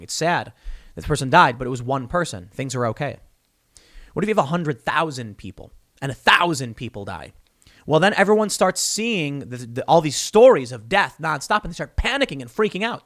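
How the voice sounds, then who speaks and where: A man with a voice on the high side hosts a solo political commentary show, arguing animatedly by example, repeating himself and often restarting sentences. The recording is dry and studio quality.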